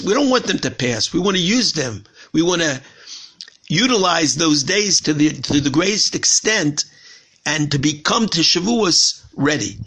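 Man, rabbi giving a lesson, earnest storyteller, gravelly, husky. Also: a little high, fairly bright tone. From Washington, D.C., USA. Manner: earnest, repeats phrases while storytelling. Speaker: rabbi teaching. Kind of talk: conversational Torah lesson with storytelling.

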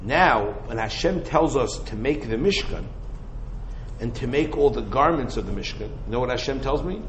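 A man teaching Torah in a lively lecture. He fires off rhetorical questions and mixes Hebrew and Yiddish terms into casual English. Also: mid-range voice, normal speed, a little hiss or hum, rough recording. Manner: animated, full of rhetorical questions.

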